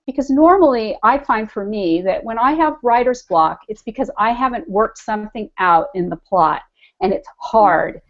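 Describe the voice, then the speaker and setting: A woman writer on a panel, explaining her method in a thoughtful, measured way. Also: a little high, lively intonation, lo-fi sound. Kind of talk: casual panel talk.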